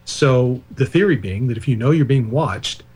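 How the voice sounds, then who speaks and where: A male author talks through his ideas as a radio interview guest. He wanders into side stories and jokes at his own expense. His voice sits at an ordinary middle pitch. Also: lively intonation, moderate pace, a little mellow, husky. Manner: discursive, digressive, self-deprecating asides.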